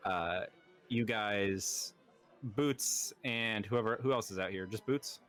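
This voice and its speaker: A man's voice: lowish voice, slow, a bit bright, soft background music. A man narrating and running a tabletop game as game master, casual and hesitant. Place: home streaming setup.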